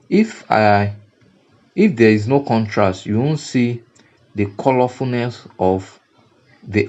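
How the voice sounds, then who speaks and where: Slow, low-voiced Nigerian instructor. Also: male voice, darkish tone, muffled recording. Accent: Nigerian English. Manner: repetitive, emphatic teaching with fillers and restarts. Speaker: graphic design instructor. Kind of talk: screen-recorded software tutorial.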